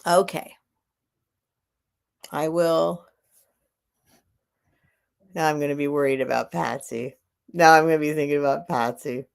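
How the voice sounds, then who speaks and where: Slow-talking woman hosting a live sale. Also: low voice, vocal fry, smooth. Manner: rambling and warm-hearted, with frequent soft laughs. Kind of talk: casual live-stream chat.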